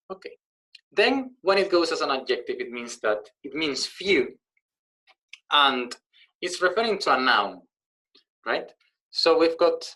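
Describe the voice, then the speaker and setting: A man teaching a grammar lesson, his voice bright and clear at an ordinary middle pitch. He explains patiently, pausing with fillers as he thinks, and drops Spanish words into his English. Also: poor audio.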